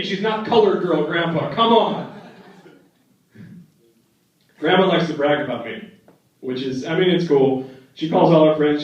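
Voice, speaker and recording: A young man works a comedy club stage with animated storytelling, his fairly high voice jumping around as he slips into quick impressions of family members. The sound is dull and heard from a distance, with heavy room echo around it. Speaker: stand-up comedian. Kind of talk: stand-up comedy set. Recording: echoey, dull club recording from the back.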